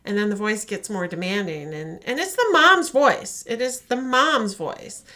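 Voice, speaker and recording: Podcast lady retelling a creepy short, bright voice, acts out all the parts. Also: medium pitch, measured pace. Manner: animated storytelling, acts out voices. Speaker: podcast co-host. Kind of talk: casual chat, retelling a horror short.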